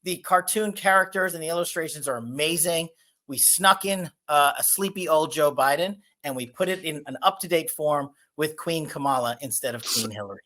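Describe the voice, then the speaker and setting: A man talks as a guest on a political interview show. He has a bright, cutting tone and a punchy, emphatic delivery. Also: fairly high pitch, moderate pace.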